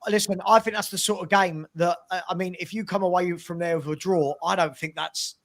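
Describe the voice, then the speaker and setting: A man's voice: high-pitched, steady tone, brisk, fairly bright tone. A man, a fan podcast panelist making emphatic, cautionary points in casual football debate.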